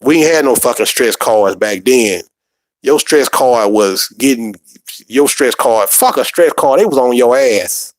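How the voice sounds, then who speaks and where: A man tells profane, animated stories in casual talk. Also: mid-range voice, unhurried, dry recording. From Alabama. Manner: profane, animated, repetitive restarts. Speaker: podcast storyteller.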